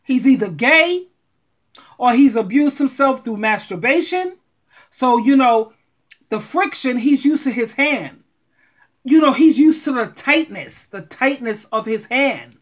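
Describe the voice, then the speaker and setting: A middle-aged woman giving blunt, animated relationship advice straight to her viewers. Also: high voice, unhurried. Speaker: advice vlogger. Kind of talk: frank advice monologue.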